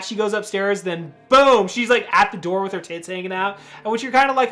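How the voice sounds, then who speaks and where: A man hosting a podcast, casually recapping a horror movie in a rambling, profane way, full of "dude" and quick acted-out quotes. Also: sits high, pushed and bright, faint music behind. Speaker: podcast host reviewing a horror film.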